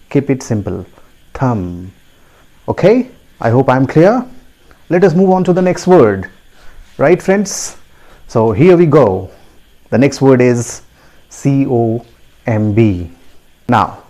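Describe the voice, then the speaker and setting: A man teaching pronunciation, slowly repeating each word and asking learners to repeat after him. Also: medium pitch, dark tone. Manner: slow, deliberate, repeats words and asks learners to repeat; frequent rising tag questions to the audience. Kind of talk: classroom lesson to camera.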